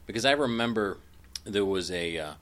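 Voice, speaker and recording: A man co-hosting a casual chat, animated and laughing as he retells old cartoon scenes. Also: on the low side, moderate pace.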